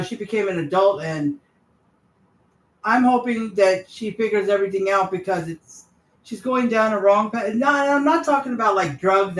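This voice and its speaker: A woman's voice: medium pitch, fairly bright tone. Woman, 40s, livestream host, casual chat, rambling, trailing asides.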